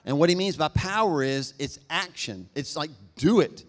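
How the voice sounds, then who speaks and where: Fast-talking, chatty male pastor. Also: on the high side, lively intonation. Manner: fast, conversational, self-deprecating. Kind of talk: sermon.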